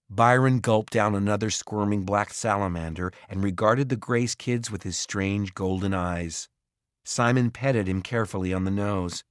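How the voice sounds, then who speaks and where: A male audiobook narrator reads scripted narration in a low voice at a moderate pace, recorded dry with clean studio sound.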